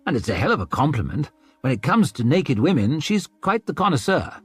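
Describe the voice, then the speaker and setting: A man's voice: fairly high pitch, very animated, fairly quick, slightly rough, no room sound, pitched above the performer's own voice, full character voice. A man voicing a self-mocking young crown prince with a flippant, boyish manner.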